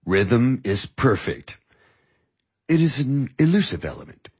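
Guy reading a chill teasing music teacher, husky lowish voice, swings up and down a lot. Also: very animated, darkish tone. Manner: patient, teasing, measured. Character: calm, wry male music teacher. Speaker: music mentor. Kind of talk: audiobook dialogue.

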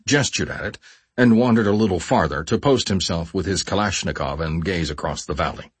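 Male audiobook narrator, low and husky, lots of pitch movement, dry booth sound. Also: no echo. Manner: measured, expressive storytelling. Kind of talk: first-person memoir audiobook narration.

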